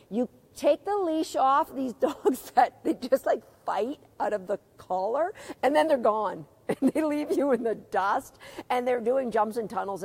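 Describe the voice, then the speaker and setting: A middle-aged woman teaching a live dog agility seminar, chatty, asking her students questions and reading out their comments. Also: a little high.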